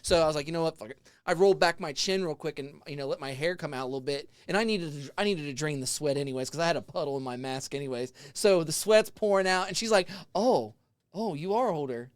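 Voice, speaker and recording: A man's voice: a little high, quick pace, clean tone, no room sound. A man in his forties, a haunted house actor, telling a story in a casual chat with laughs, acting out other people's voices. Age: 40s. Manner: animated, laughing, acts out voices.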